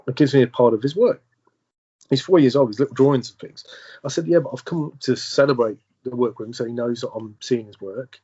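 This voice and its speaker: A man recounts his experience in conversation, stopping and starting, repeating words as he goes. His voice is somewhat husky and sits at an ordinary middle pitch. The recording is a bit dull and lo-fi. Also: dark tone. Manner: halting, with many restarts and repeated words. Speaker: podcast guest. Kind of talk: conversational storytelling.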